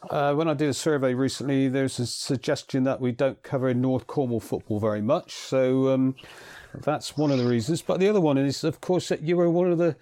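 Mellow-voiced man hosting a podcast. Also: mid-range voice, brisk. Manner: dry, gently teasing. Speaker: podcast host. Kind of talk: casual football podcast hosting.

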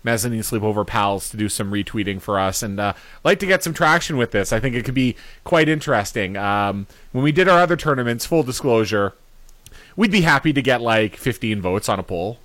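A man co-hosting a podcast in relaxed casual chat, often trailing off quietly. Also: medium pitch, brisk, no echo. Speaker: podcast co-host.

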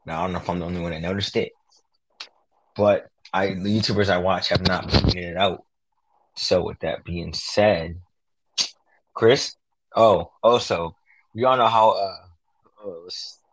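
A young man co-hosting a casual podcast, talking excitedly and boasting, full of slang, about calling his predictions. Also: sits low, moderate pace, pauses often, husky, dry recording, poor audio. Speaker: podcast co-host.

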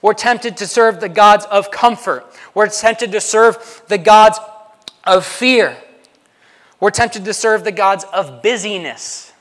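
A male pastor with a high, fairly bright voice preaches slowly in a conversational style, frequently checking in with the congregation by asking "right?". The recording carries the long reverb of a large hall.

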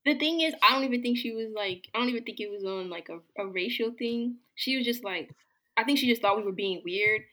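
A woman's voice: on the high side, fairly quick, sharp tone. A woman chatting casually, talking in a loose way full of fillers. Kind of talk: casual chat.

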